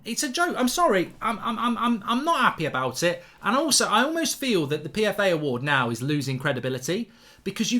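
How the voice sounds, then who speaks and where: An indignant man from England rants about football as a pundit, his pitch swinging widely as he stumbles and restarts. He repeats his outrage over and over. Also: pushed and bright. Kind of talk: ranting reaction monologue.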